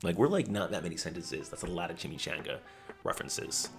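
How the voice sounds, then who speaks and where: A man gives deadpan, sarcastic comedic commentary in a very deep voice. He sometimes drops into mock-dramatic whispers. Background music plays under him. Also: brisk, gravelly. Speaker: comedy vlogger.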